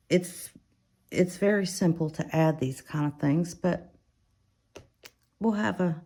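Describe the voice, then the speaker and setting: A woman from Alabama with a lowish voice and darkish tone runs a coloring vlog. In casual show-and-tell, she shows and describes her finished coloring pages, listing her supplies as she goes.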